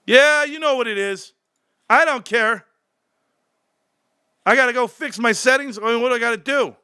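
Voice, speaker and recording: A man hosting a livestream, ranting brashly and cursing, swinging from low muttering to shouting excitement. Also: normal speed, clear, resonant tone, no room sound, clean studio sound. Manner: profane, brash. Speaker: livestream host. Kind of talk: casual livestream rant.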